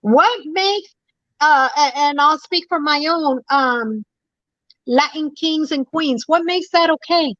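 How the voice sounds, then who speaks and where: Woman caller on a dull, dry line, high-pitched, hammering her points home like a sermon. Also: unhurried, a bit bright, no room sound. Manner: preachy, emphatic, repeats phrases for effect. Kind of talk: impassioned call-in talk.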